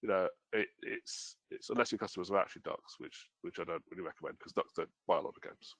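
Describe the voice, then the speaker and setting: A man's voice: sits low, fast, a bit bright, no echo. A British man presenting a webinar as a game store owner, talking casually with lots of fillers and self-deprecating humor. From United Kingdom.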